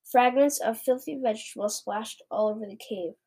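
A woman reading a children's storybook aloud in a plain, steady manner. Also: on the high side, moderate pace, slightly rough, low-quality recording. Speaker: reader.

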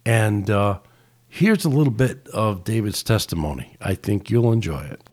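A man's voice: fairly low pitch, animated, moderate pace, a little mellow. A man hosting a podcast, speaking in a reflective, casual way with frequent filler words. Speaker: podcast host.

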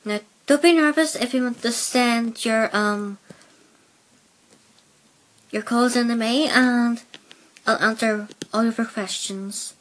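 A woman's voice: a little high, slow pace, pauses often. A woman from Northern Ireland with a mixed Belfast and Plymouth accent, hosting a casual solo podcast on a headset mic, rambling hesitantly with many fillers. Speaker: podcast host.

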